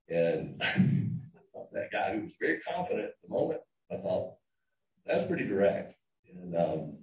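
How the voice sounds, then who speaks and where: Low-voiced man teaching a church class. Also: a little mellow. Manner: conversational, repeats words when restarting. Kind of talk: church lesson talk. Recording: roomy, distant, dull room recording.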